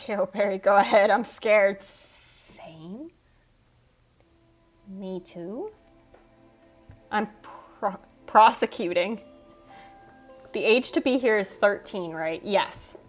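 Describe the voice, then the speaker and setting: A woman hosting a casual livestream, reading chat aloud and teasing viewers with frequent laughs. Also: medium pitch. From United States. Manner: teasing, quick, laughs often. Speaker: livestream host. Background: soft background music.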